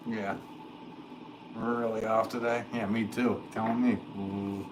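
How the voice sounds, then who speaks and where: A man talks loosely to his live-stream viewers from a pottery studio, wandering between thoughts and joking at his own expense. His voice sits on the low side. A steady layer of background noise runs under everything. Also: takes it slowly. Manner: rambling, self-deprecating, chuckling. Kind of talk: casual live-stream chat.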